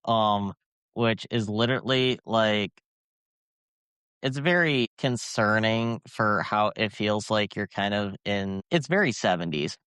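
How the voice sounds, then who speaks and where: A young man with a Michigan accent tells meandering stories in a casual podcast chat. His voice is smooth and resonant at a middling pitch. The sound is dry and close. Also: slow, a bit bright, no echo. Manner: rambling, filler-heavy storytelling. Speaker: podcast co-host.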